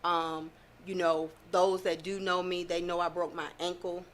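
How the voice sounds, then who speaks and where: Lady in her 40s or so, kinda low voice, laid-back chatty talk with lots of "you know" and laughs. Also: flat delivery, a little slow, a little hiss or hum. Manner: chatty, down-to-earth, laughs often, many fillers. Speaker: host. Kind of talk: casual chat to followers.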